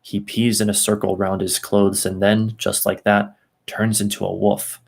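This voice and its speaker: Low raspy guy reading stuff out loud, trips on names and comments as he goes. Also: little pitch movement. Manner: reads aloud slowly, stopping for asides and second tries at names. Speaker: host reading aloud.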